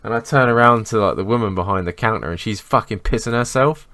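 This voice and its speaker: A man's voice: on the low side, fast talker, sharp tone, dry recording. A man co-hosting a casual podcast, telling sweary, self-mocking stories about work. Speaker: podcast co-host.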